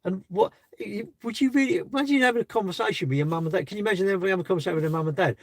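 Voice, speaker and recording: A man's voice: sits high, rapid-fire, hardly any pauses, dry recording. A man chatting on a live stream from his parked car, rambling and asking rhetorical questions. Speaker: livestreamer. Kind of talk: casual live stream chat.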